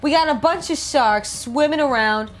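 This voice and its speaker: A woman's voice: high voice, moderate pace, soft background music. A woman with a New Jersey accent, casually riffing and joking as she reads about game art. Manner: chatty, jokey, reads aloud and riffs. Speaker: host.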